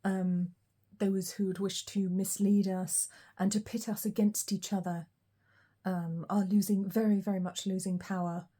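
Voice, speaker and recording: Woman, tarot reader, warm mellow voice, reflective, unhurried, lots of ums and pauses. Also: mid-range voice, level tone. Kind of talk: collective tarot reading.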